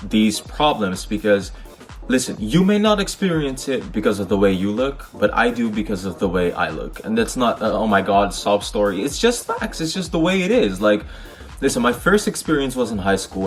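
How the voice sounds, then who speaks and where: Frank, swearing young man, lowish voice. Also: lively intonation, moderate pace, soft background music. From Netherlands. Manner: frank, heated, sprinkled with swearing and slang. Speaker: vlogger. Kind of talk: casual personal storytelling.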